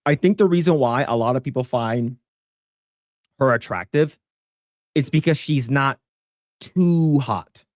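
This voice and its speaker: A man co-hosting a casual podcast chat who rambles with many restarts and stammers and gets animated when pressing a point. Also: mid-range voice, unhurried, long pauses, dry recording, clean studio sound. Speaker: podcast co-host.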